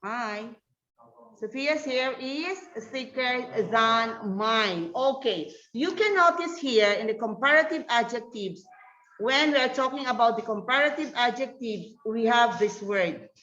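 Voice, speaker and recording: A woman's voice: a little high, expressive, measured pace, bright, forceful tone. A woman teaching an online grammar lesson, patiently calling on students by name over a video call. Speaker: English teacher. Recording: echoey, dull lo-fi room sound.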